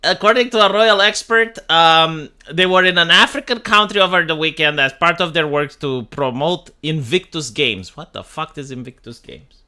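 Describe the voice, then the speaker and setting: A man's voice: fairly high pitch, normal speed, few pauses, bright, forceful tone, clean tone. A man hosting a casual livestream, reading news aloud and riffing bluntly with plenty of swearing. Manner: blunt, profane, reads news aloud and riffs. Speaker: livestream host.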